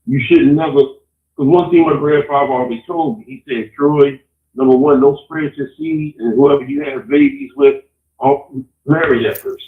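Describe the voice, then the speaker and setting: Male caller with a Chicago accent, relaxed and blunt, on a roomy phone-in line. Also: mid-range voice, moderate pace, phone-quality sound. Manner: laid-back, blunt, swears casually. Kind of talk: casual phone-in chat.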